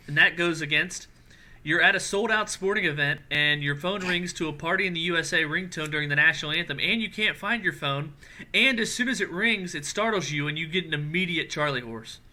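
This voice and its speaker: A man's voice: fairly high pitch, a little fast, sharp tone. A man hosting a casual podcast, reading out silly matchups and laughing often. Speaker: podcast host.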